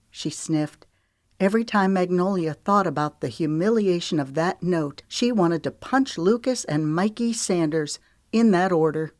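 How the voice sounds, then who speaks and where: A woman narrating a romance audiobook in a smooth, measured storytelling manner. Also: on the low side, a little mellow, dry recording, clean studio sound.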